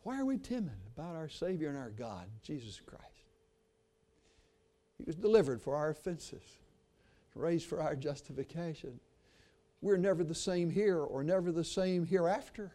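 An older man preaching a sermon, telling a story and then praying, earnest and swinging from hushed to emphatic. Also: on the high side, lively intonation, normal speed.

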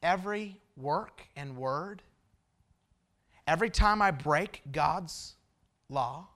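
A man preaching a sermon, moving between loud emphatic passages and low, hushed asides. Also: expressive, slow pace.

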